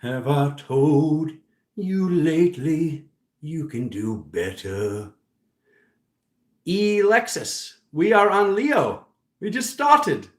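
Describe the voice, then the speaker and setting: A man giving a casual, animated tarot reading, teasing and talking to himself as he turns the cards. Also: a little high, very slow, roomy sound. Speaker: tarot reader.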